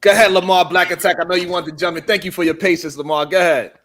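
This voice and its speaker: Playful, higher-voiced male panel host. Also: fairly even intonation, very fast, fairly bright tone, soft background music. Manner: playful, teasing, laughs often. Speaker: talk show host. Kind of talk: casual panel chat on a live stream. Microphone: video call.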